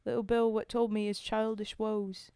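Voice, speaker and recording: A woman voicing a plucky Cockney wartime woman in a dramatic poetry reading, with a rough put-on accent. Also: medium pitch, level tone, moderate pace, warm tone, dry recording, clean studio sound, lightly acted. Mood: storytelling. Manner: rough, self-admittedly shaky accent in a sing-song reading.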